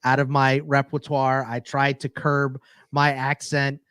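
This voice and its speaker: A man's voice: medium pitch, completely flat delivery, fairly bright tone, clear, resonant tone, dry recording. A man with a light Texan accent, chatting casually on a podcast in an easygoing way with plenty of fillers. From Texas. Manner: easygoing, many fillers and pauses.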